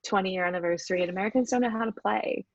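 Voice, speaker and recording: A woman's voice: mid-range voice, rapid-fire, no room sound, dull audio. A middle-aged Australian woman chatting enthusiastically as an interview guest, with frequent fillers. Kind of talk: casual conversation.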